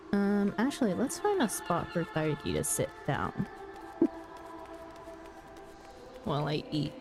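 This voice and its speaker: Slow, lively-pitched woman streamer. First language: not English. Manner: friendly, often clears her throat. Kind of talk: casual chat with viewers. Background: background music.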